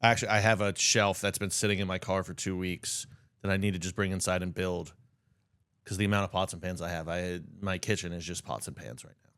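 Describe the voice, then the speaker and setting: A man's voice: sits low, steady tone, a little fast, fairly bright tone, clean tone, no room sound, clean studio sound. Self-deprecating man, podcast guest. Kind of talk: casual chat.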